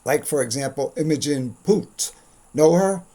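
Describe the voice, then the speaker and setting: A man's voice: a little high, measured pace, dark tone. A man hosting a scripted commentary monologue, delivered in a dry, wry, opinionated way. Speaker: commentary host.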